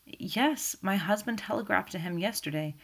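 A woman reading the part of a proud, composed middle-aged widow who speaks in a low, restrained tone. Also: normal speed, gravelly, husky.

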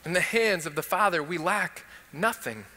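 A male pastor with a Texan accent preaches with passion, stacking one rhetorical question on another. His voice sits high and rings bright. The church hall around him carries a long reverb. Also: animated, moderate pace. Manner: impassioned, building rhetorical questions. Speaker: teaching pastor. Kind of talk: sermon. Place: church sanctuary.

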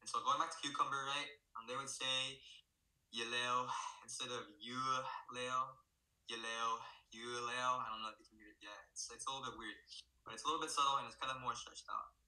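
A man presenting as a student, explaining in a relaxed, casual way with many fillers. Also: medium pitch, racing. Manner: relaxed, filler-heavy, often says "right?" and "so yeah". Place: indoor room, virtual showcase recording. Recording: roomy echo.

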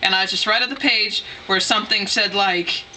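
A woman tells a story from her own life in a loose, excitable ramble, leaning on "like" again and again. Her voice is very bright and sharp. A faint hiss of noise sits under the recording. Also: medium pitch, a little fast. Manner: rambling, excitable, heavy use of "like". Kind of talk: casual personal anecdote.

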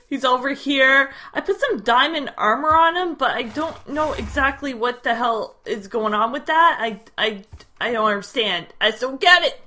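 A woman hosting her own game let's play, chattering in a hyper, excitable way as she plays at her home computer. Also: high voice. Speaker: gaming channel host. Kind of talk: Minecraft let's play commentary. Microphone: headphones with desk mic.

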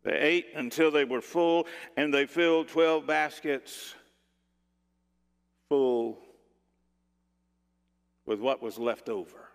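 A man preaching a sermon in a church, dramatic, and dropping to hushed tones for emphasis. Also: fairly high pitch, slow, vocal fry, pauses often, clean tone. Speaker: pastor. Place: church sanctuary. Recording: long church reverb.

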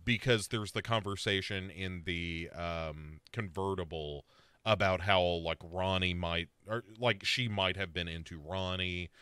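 A man with a low, unhurried voice and clean tone, recorded without echo, co-hosts a podcast. He chats casually through a recap of a horror series, animated as he performs the characters' lines.

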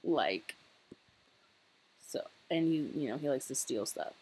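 A young woman chats her way through a life-sim game, rambling and laughing at herself. Her voice sits low, and she takes her time. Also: lively intonation, measured pace, darkish tone, husky. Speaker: gaming channel host. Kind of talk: casual gameplay commentary.

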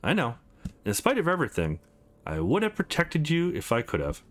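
A man's voice: fairly high pitch, wildly swooping pitch, moderate pace, fairly bright tone, voice pushed up. A man reading an urgent, worried judge. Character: worried male judge on the phone.

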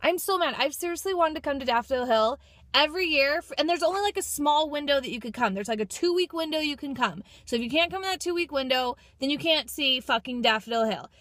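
A woman's voice: high-pitched, animated, fast talker, fairly bright tone, no echo. A young woman vlogging from her car and outdoors on a handheld phone, frustrated and swearing a lot. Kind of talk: casual daily vlog.

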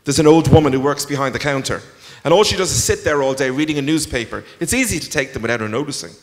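A man's voice: lively intonation, fast talker, close to an everyday voice. Man voicing a nervous fourteen-year-old boy. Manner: hesitant, candid, pitch jumping upward. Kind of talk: live reading aloud. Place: large concert hall. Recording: long concert hall reverb.

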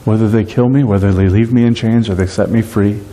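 A middle-aged man preaching a sermon as pastor, lively in delivery and slowing down to stress key phrases. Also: fairly low pitch, a little hiss or hum. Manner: dynamic preaching, slows on key phrases, acts out everyday voices.

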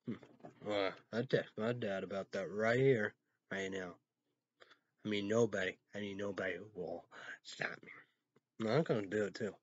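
A man on his own channel, rambling and swearing, swinging from loud outbursts to low mumbles. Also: measured pace, pauses often. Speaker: vlogger. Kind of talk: rambling solo rant. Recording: dull, muffled lo-fi sound.

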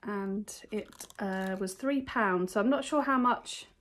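A woman's voice: mid-range voice, measured pace, fairly bright tone. A woman with a British accent chatting casually to camera at home, showing off thrifted finds in a rambling, enthusiastic way. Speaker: vlogger showing a thrift haul. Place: at home, indoors.

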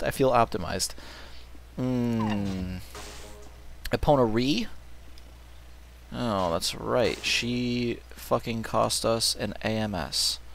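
Unhurried male let's-player who jokes and swears, with lively intonation. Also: on the low side, creaky, slight background noise. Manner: muttering, joking, swearing. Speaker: let's play host. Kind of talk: casual gameplay commentary. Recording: game music and mech sounds behind. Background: game music.

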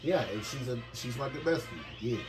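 A man's voice: mid-range voice, fairly quick, music in the background. A middle-aged man, a father, trading boastful, teasing banter while hosting a family video game tournament. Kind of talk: casual trash-talk over gameplay.

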